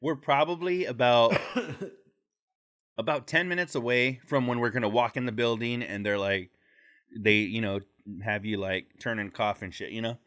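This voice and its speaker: A man co-hosting a podcast, telling a story in casual, profane slang and breaking into high put-on voices when he quotes people. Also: fairly even intonation, moderate pace, a bit bright. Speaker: podcast co-host.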